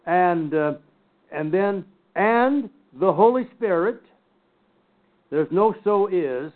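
An older man teaching a Bible class, slowly and emphatically picking apart scripture word by word. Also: high voice, animated. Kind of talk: Bible study lecture. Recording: tinny phone-like recording.

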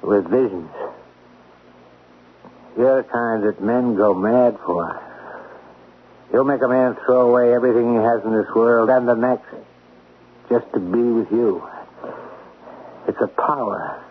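A man's voice: mid-range voice, unhurried, long pauses, a little hiss or hum, natural voice. An actor playing a drunk, obsessive man in a 1970s radio drama, rambling and pleading. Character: drunk, obsessive man, talent manager type. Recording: narrow lo-fi vintage radio broadcast.

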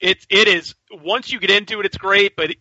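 A man co-hosting a podcast in casual chat, excitable and rambling, swearing freely. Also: high-pitched, normal speed, dry recording, highs cut off. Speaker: podcast co-host.

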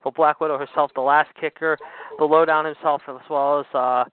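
Male call-in host, smooth and clear, phone-line audio, peppers every line with fillers. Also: fairly high pitch, steady tone, brisk. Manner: leans on filler words like however and of course. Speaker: radio show host. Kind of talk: call-in wrestling radio show. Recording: tinny phone-line sound.

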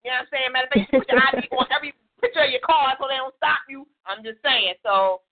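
A woman hosting a radio show in casual, chatty talk, often laughing and thanking listeners. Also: high voice. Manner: chatty and laughing, talks quickly. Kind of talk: casual chat. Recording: tinny phone-like sound.

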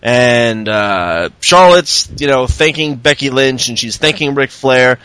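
A man co-hosting a casual chat, lively and profane, acting out other people's lines in put-on voices. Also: mid-range voice, unhurried, clear, resonant tone. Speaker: podcast co-host recapping wrestling.

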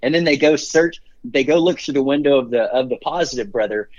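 A middle-aged man talks as an interview guest at a medium pitch, rambling cheerfully from one story to the next with lots of "um" and "you know". The sound is dull and lo-fi. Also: a little fast. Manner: rambling, upbeat, many fillers and restarts. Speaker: guest, company CEO.

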